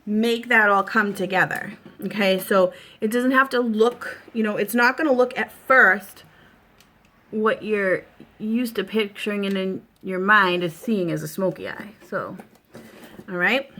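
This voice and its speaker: A woman in her thirties with a Boston accent hosts a casual makeup tutorial from home, her medium-pitched voice pushed and bright at a measured pace. She's chatty and reassuring as she talks viewers through each step, leaning on plenty of fillers.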